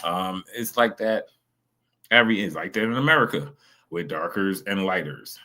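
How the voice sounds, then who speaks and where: A man's voice: deep voice, animated, normal speed, bright, forceful tone. A man streaming casual reaction commentary, rambling in loose slang with lots of fillers.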